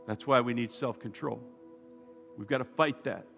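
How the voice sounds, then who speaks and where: Pastor guy preaching hard, goes quiet then loud, big echoey church hall, soft music under it. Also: medium pitch, moderate pace, vocal fry, dull audio. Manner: fervent, swings from soft asides to loud emphatic calls. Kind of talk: sermon. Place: church sanctuary.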